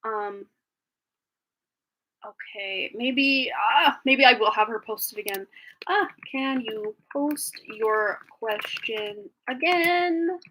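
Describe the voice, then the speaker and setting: A woman's voice: fairly high pitch, takes it slowly, sharp tone. A woman reading tarot on a live stream, chatting casually in a rambling way with frequent laughs, a little phlegmy after being sick.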